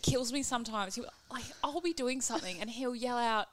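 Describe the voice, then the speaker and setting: High-voiced wry Australian woman. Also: fairly bright tone. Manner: wry, quick asides, swears. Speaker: podcast co-host. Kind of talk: casual chat.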